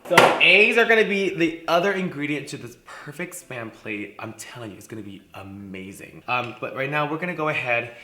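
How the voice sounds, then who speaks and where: A man's voice: mid-range voice, lively intonation, fairly quick, few pauses, bright, forceful tone, echoey room, slight background noise. A man chatting his way through a cooking vlog in his home kitchen, sassy and profane, saying "like" and "literally" all the time. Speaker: vlogger cooking on camera.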